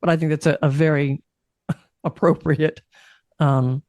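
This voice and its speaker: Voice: medium pitch, little pitch movement, unhurried, darkish tone, no room sound, studio quality. An interviewer asking thoughtful questions in a casual chat, hesitating at times and laughing along.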